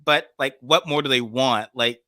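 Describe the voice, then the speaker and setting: A man co-hosting a casual political chat, animated and sarcastic, with quick asides. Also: mid-range voice, no room sound, clean studio sound. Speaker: political blog co-host.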